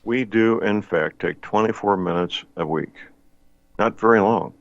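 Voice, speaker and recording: Older male radio host, low gravelly voice, dry close sound, folksy rambler. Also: measured pace, dry recording, dull audio. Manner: folksy, rambling with many fillers. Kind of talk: radio talk show chat.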